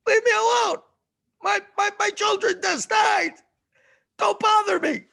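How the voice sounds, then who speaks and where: A man voicing a grieving, panicked Egyptian neighbor who shouts at the door. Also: very high voice, a little slow, vocal fry, voice pushed up, full character voice. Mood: frantic.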